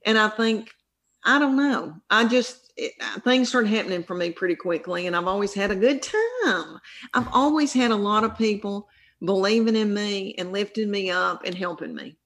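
A woman's voice: mid-range voice, animated, normal speed, fairly bright tone. Woman, Southern accent, middle-aged, folksy rambling storyteller, casual interview chat. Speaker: comedian guest.

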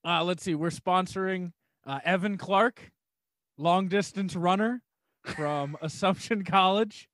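A man's voice: high voice, takes it slowly, fairly bright tone, dry recording, studio quality. A man from New Hampshire chatting as a podcast guest, rambling and laughing often between phrases. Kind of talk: casual podcast chat.

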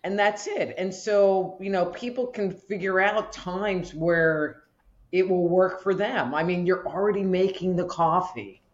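A woman guest on a podcast who explains her practice in a relaxed way, using everyday examples. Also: lowish voice, a little slow, highs cut off. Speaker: guest, energy healer. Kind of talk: casual interview chat.

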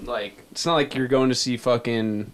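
A man's voice: mid-range voice, fairly even intonation, moderate pace. A man talking bluntly and profanely in a laid-back podcast chat. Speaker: tattoo artist, guest.

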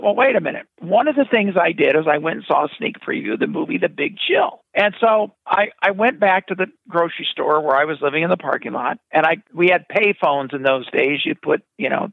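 A man's voice: high voice, gravelly, no room sound. An older man, a film director, telling a story in an interview and acting out the other people's voices as he goes. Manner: animated, acts out voices in his anecdotes. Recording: tinny phone-like dry sound.

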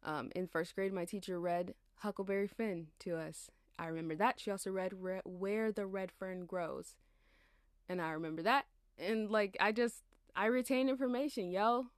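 A woman's voice: mid-range voice, normal speed, no echo, clean studio sound. A young woman in her twenties rambling casually and tiredly about her life, chatty and slangy, laughing as she digresses. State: tired, yawning. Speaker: podcast host.

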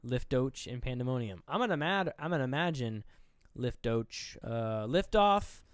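A man's voice: medium pitch, expressive, normal speed, clear, resonant tone, dry recording, studio quality. A young man co-hosting a casual podcast, recapping a movie scene by scene and acting out the characters' lines. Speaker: podcast co-host.

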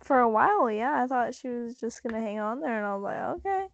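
A young woman with a fairly high voice talks in a loose, casual chat, full of "like" and swearing, breaking into laughs. The sound is dry and dull, like a lo-fi recording. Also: fast, gravelly, dry recording. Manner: laughs often, swears, lots of fillers.

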